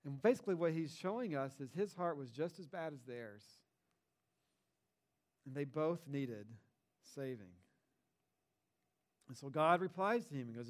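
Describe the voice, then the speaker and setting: A middle-aged male pastor preaching a sermon in a high-pitched voice. He keeps it conversational, stressing points with lively emphasis as he retells a story. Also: measured pace, pauses often.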